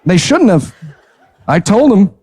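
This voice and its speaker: A man co-hosting a comedy podcast, riffing fast jokes and laughing a lot. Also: high-pitched, sing-song, a little mellow, breathy edge. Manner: quick joking riffs, laughs a lot. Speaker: podcast co-host. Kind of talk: comedic banter.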